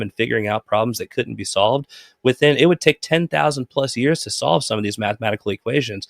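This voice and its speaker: A man's voice: mid-range voice, no room sound, studio quality. A man talking in a loose, rambling and profane way in a casual chat, hosting a live stream. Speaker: host.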